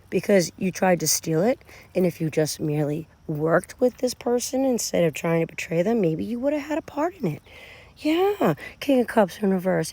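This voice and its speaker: Woman reading tarot cards for her viewers, super lively voice that swoops up and down, chatty and direct. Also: on the high side, gravelly, no room sound. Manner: animated, talks straight to viewers. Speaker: tarot reader.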